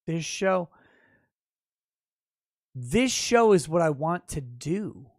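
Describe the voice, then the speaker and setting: A man hosting a casual livestream, reading viewer comments aloud and breaking into loud, profane, mock-boastful rants. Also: a little high, big pitch swings, drawn-out words, no room sound, studio quality. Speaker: livestream host.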